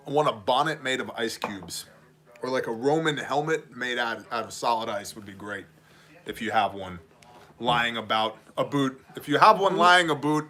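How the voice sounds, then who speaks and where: A man's voice: mid-range voice, pushed and bright. A man from Wisconsin hosting a casual livestream, joking and laughing often. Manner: joking, laughs often, mock Canadian voices. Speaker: livestream host.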